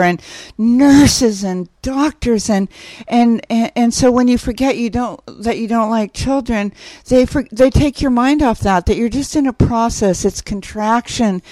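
A woman's voice: on the high side, dark tone, dry recording. Rambling woman telling stories, dry sound. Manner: rambling storyteller, many restarts, laughs easily. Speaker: podcast guest. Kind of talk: casual conversation.

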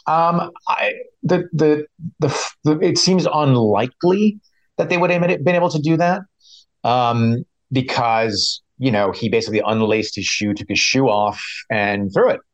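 A middle-aged man, a veteran reporter, explaining events in a measured way with frequent restarts. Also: mid-range voice, no echo, poor audio. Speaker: veteran White House reporter. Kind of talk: conversational interview answers.

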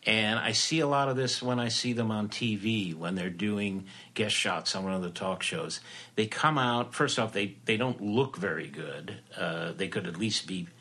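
A man's voice: on the low side, moderate pace, sharp tone, breathy edge. An older man, an entertainment reporter, telling behind-the-scenes anecdotes in a chatty, rambling way with fillers and restarts. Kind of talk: casual storytelling interview.

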